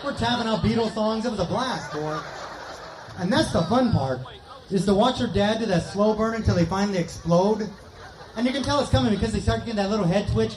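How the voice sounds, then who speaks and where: Guy doing stand-up in a park, high voice, echoey, lots of crowd noise behind him. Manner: rapid jokey patter, acting out voices, laughing at his own jokes. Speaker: stand-up comic. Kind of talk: stand-up comedy set. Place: outdoor park concert stage.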